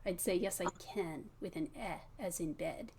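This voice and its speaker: A woman coaching pronunciation one on one, patient and softly modeling sounds. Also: fairly low pitch, measured pace, slight background noise.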